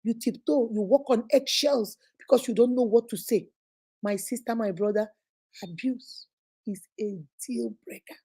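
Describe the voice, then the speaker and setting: A woman's voice: a little high, moderate pace, mellow, husky. A middle-aged woman hosting a live relationship advice talk, emphatic and preachy, acting out little scenes as she speaks to viewers.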